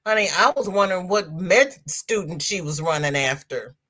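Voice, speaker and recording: A middle-aged woman hosting a casual crafting livestream and reading viewer comments aloud. She is effusive and affectionate, calls viewers "girl" and "honey", laughs often and jumps high in pitch when excited. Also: moderate pace. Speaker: livestream host of a crochet show.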